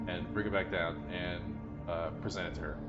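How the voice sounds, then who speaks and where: A man's voice: deep voice, flat delivery, a little fast. A man playing a tabletop game, voicing a meek servant, hesitant and stammering. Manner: hesitant, stammering, laughs a lot. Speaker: player. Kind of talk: tabletop role-play. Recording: lo-fi audio with loud music behind.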